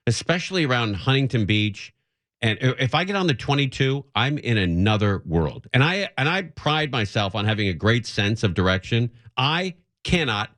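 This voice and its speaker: A man's voice: medium pitch, dry recording, clean studio sound. A middle-aged man hosting a radio show, chatting casually and rambling through stories. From San Fernando Valley, California. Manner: rambling, animated storyteller. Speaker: radio host. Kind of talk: casual talk radio banter.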